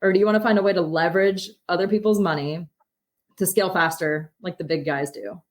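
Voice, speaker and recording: A woman co-hosting a casual podcast, upbeat and quick to laugh as she pitches ideas to her co-host. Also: steady tone.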